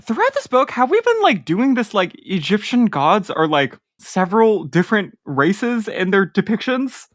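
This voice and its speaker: A woman co-hosts a book podcast, chatting casually with a lot of laughter and filler words. Her voice swings widely in pitch, rising high when she is surprised and dropping low as she trails off. She sometimes reads passages from the book aloud. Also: big pitch swings, normal speed, hardly any pauses. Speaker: podcast co-host. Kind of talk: casual book-discussion chat.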